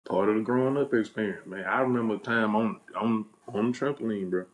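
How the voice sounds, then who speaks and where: Speaking a little fast in a fairly low voice, a young podcast host shares a childhood memory in relaxed conversation. He tells it with animation, impersonating the people he quotes and chuckling at his own expense.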